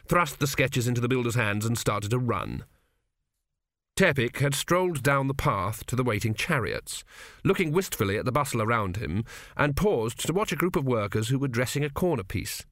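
Male audiobook narrator, wry delivery, animated pitch, dry close recording. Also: no echo.

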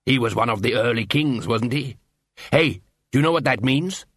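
A man's voice: mid-range voice, expressive, no room sound, clean studio sound, natural voice. A man voicing a curious male dwarf who thinks things through aloud, read as an audiobook character. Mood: reasoning. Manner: quick-thinking, explaining, reasoning aloud.

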